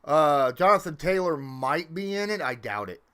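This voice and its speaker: A man hosting a casual livestream from his home, rambling with lots of fillers and swinging up and down in pitch and loudness. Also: sing-song, normal speed, clear, resonant tone. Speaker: livestream host.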